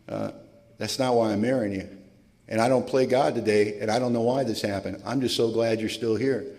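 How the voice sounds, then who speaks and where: A man's voice: mid-range voice, darkish tone. A middle-aged man giving a candid, earnest personal testimony to a recovery meeting audience, talking in a conversational storytelling way. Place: large hall with long reverb. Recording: live hall recording with long reverb.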